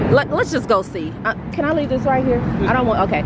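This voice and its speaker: Excited woman vlogging on the go. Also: high voice, fast, hardly any pauses, heavy background noise. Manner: excited, emotional, chatty. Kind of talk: casual vlog. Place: store, then parked car.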